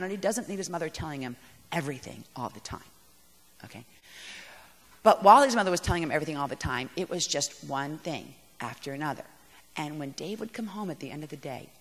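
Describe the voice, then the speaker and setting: A woman giving a talk on parenting to an audience, animated, emphatic and poking fun at herself. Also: deep voice. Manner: animated and emphatic, self-mocking. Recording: echoey hall.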